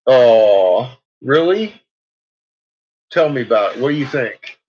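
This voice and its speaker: A man's voice: medium pitch, animated, slow, darkish tone. A man chatting casually as a vlog host, laughing often as he talks about his dogs. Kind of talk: casual chat. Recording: dull lo-fi recording.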